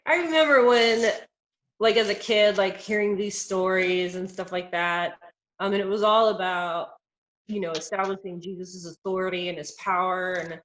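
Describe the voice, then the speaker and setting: Woman of middle pitch sharing questions in a study group, searching for words, recorded in an echoey room. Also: fairly bright tone, a little hiss or hum. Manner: rambling and searching, heavy use of "like" and "um". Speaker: Bible study participant. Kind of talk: casual group discussion.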